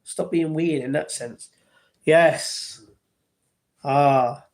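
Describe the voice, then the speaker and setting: Hosting a casual livestream from home, a chatty man reads his viewers' incoming messages aloud and responds to them. His voice is a little higher than most men's, he draws out his words, and he turns mildly defensive and explanatory when answering the chat.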